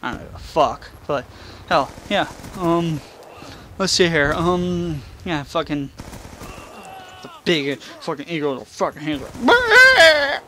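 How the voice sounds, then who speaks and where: A man's voice: a little high, very animated, takes it slowly, noisy background. A young man rambling and swearing through gameplay commentary at home, mocking himself as he goes. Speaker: gaming channel host. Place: room in his house. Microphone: face cam desk mic.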